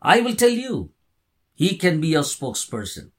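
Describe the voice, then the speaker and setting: A preacher voicing God, patient and firm. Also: male voice, a little high, wildly swooping pitch, moderate pace, fairly bright tone, exaggerated voice. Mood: reassuring. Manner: earnest, insistent repetition. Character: patient but firm male God speaking to Moses.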